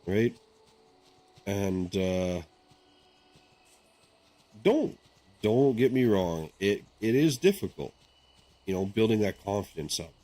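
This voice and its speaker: Low-voiced chatty man rambling on stream. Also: animated, slow pace, pauses often, warm tone. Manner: rambling, chatty, keeps asking "right?". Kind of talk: casual chat while gaming.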